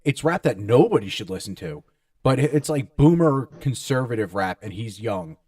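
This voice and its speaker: A man's voice: mid-range voice, animated, normal speed, darkish tone, no room sound, clean studio sound. A man co-hosting a casual podcast chat, talking bluntly with lots of swearing and mocking asides. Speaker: podcast co-host.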